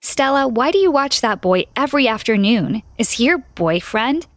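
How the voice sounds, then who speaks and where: A woman voicing a loud, innocent four-year-old sister in an animated story. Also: a little high, moderate pace, a little hiss or hum, natural voice. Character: excitable, pestering little sister of four.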